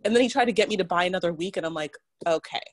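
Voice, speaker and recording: A woman's voice: fairly low pitch, very fast, slight background noise. A woman telling a personal story in casual chat, full of "like" and quoted back-and-forth. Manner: chatty, fillers like "like", quotes others. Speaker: guest.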